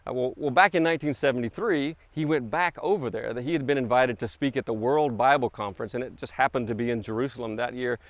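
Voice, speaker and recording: A middle-aged man preaching a sermon and telling a story, halting often and restarting his phrases. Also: medium pitch, no room sound. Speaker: pastor.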